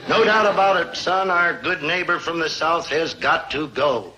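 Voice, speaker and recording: A grumbling middle-aged dad. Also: male voice, fairly high pitch, normal speed, pushed and bright, slight background noise, poor audio. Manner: grumbling, sardonic.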